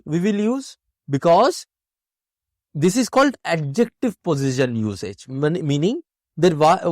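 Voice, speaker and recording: A high-voiced man teaches a grammar lesson for exam preparation, walking through it step by step and posing questions he then answers himself. The recording is studio quality with no room sound.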